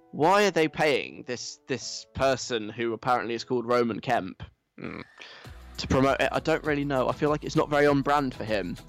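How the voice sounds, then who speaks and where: A man hosting a radio show, in a chatty, wry and mocking monologue. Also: medium pitch. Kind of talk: casual comic radio monologue.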